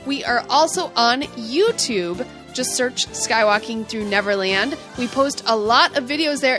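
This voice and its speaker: A woman co-hosts a fan podcast with a slightly high voice. She chats in a bubbly, excitable way while running through announcements, with faint music underneath. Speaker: podcast co-host. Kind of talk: casual podcast chat.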